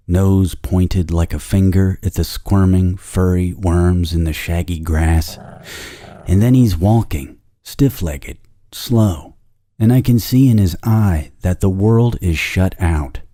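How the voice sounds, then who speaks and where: Deep, dark-voiced man reading obsessive fiction. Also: no room sound, studio quality. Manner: intense, obsessive, lingering on words. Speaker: narrator. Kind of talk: dramatic first-person fiction reading.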